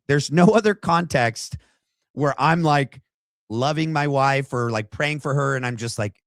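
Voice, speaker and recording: A man hosting a podcast delivers casual, mocking commentary at an unhurried pace. His talk is slangy and sarcastic, full of fillers. It is recorded dry, with little room sound. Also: mid-range voice, dry recording. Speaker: podcast host. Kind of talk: casual commentary reacting to a clip.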